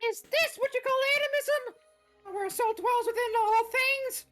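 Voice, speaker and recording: A man reads game dialogue as a gleeful, sadistic male bear mascot, pitching his voice very high, well above his own, in a mocking sing-song. He speaks at a moderate pace with a somewhat bright tone over soft background music.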